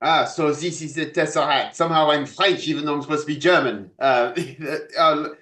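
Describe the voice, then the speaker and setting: A man improvising a rapid movie parody on a video call, switching between all the parts. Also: a little high, fairly bright tone. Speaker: improv comedian. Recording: roomy video call audio.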